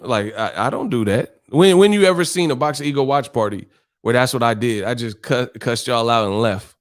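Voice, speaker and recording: Male stream host, mid-pitched, blunt and combative, curses a lot, casual rant. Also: a little fast. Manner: blunt, combative, heavy cursing.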